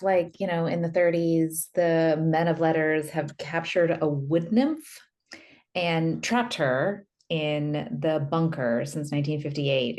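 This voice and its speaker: A woman's voice: low voice, darkish tone. A woman on a fan panel summarizing an episode's plot in a loose, rambling way with many fillers. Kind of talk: casual fan panel discussion.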